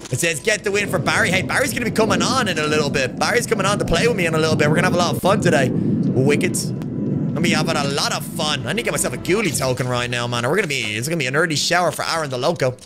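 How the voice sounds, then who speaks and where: A man's voice: on the high side, racing, over music. A man with an Irish accent, live-streaming a shooter game and joking and swearing as he reads chat aloud. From Ireland. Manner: loud, joking, swears freely, shouts at the game.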